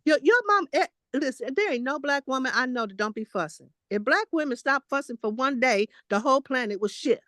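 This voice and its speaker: A woman's voice: sits high, animated, fairly quick, hardly any pauses, pushed and bright, no room sound. A woman in her late sixties giving a casual spiritual testimony, blunt and emphatic, repeating herself and fussing at her listeners. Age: 60s. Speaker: guest spiritual teacher.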